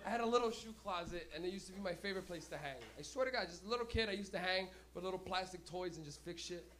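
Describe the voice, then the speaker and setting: A young man hosting a comedy night and telling stand-up stories in a loud, profane way, breaking into laughter, in a small club. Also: sits high, quick pace, slight background noise. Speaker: comedy host. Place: small smoky comedy venue.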